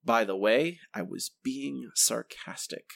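Taking it slowly, this man speaks in a creaky, somewhat bright voice with no room sound. As a podcast co-host in a casual chat, he reads out listener answers, shifting into higher voices for quotes and tripping over names and restarts.

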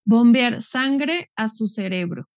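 A woman reads short model phrases aloud for learners. Her delivery is slow and deliberate. Her voice is fairly high, and the sound is dry and close. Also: lively intonation, darkish tone, dry recording.

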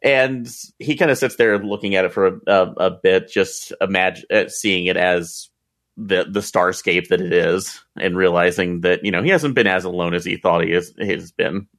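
A man's voice: low-pitched, moderate pace, fairly bright tone. A man playing a tabletop game, narrating his character's actions hesitantly with many fillers. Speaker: player.

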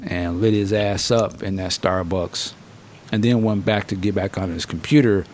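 A man hosting a podcast in casual chat, telling stories with slang and swearing, jumping up high to act out quotes, and laughing often. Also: moderate pace, a little hiss or hum. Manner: animated storytelling, acting out quotes in a raised voice. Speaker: podcast host.

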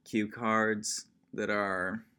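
A man's voice: lowish voice, drawn-out words, smooth. Man telling a story in casual chat. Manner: animated storytelling, laughing often. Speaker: podcast co-host.

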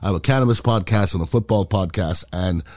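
A man's voice: sits low, fast talker, darkish tone, dry recording. A middle-aged man hosting a podcast, giving a blunt, impassioned opinion monologue. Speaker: podcast host.

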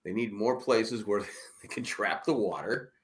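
A man's voice: on the low side, unhurried, slight background noise. A man in his sixties chatting casually on a podcast, swearing freely and acting out what people said in a raised voice. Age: 60s. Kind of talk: casual chat.

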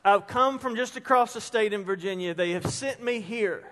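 Brief: middle-aged man, pastor, high-pitched, animated storyteller who drops quiet for emphasis. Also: normal speed. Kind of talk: sermon with storytelling. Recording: long hall reverb.

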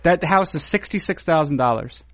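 A man's voice: on the high side, expressive, a little fast, a bit bright, no echo. A man hosting a podcast, wordy and mock-formal in a playful, casual way. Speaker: podcast host.

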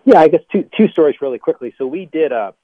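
A man, a former pastor, being interviewed on the radio and telling animated stories, laughing between lines. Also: on the high side, fast talker, no echo. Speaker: ministry guest, former pastor. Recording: dry tinny phone line.

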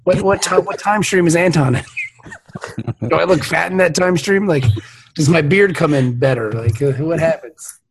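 A man's voice: on the high side, animated, normal speed. A man hosting a podcast in casual, rambling, profane chat with his co-hosts. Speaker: podcast host.

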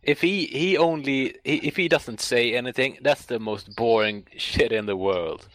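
A man's voice: medium pitch, normal speed, a bit bright, dry recording. A young man co-hosting a casual podcast chat, crude and joking, often stammering. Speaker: podcast co-host.

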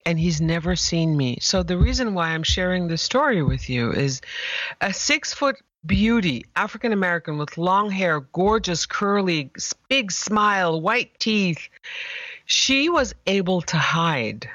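A woman guest telling her story with animated emphasis and swings of pitch. Her voice sits at an ordinary height. The sound is slightly dull and dry. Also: measured pace, no echo. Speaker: guest, image therapist. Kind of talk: conversational interview.

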